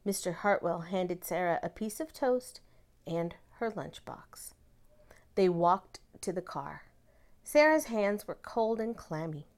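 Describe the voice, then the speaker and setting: A woman narrating a children's picture book aloud in an expressive storytelling voice. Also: fairly low pitch, slow.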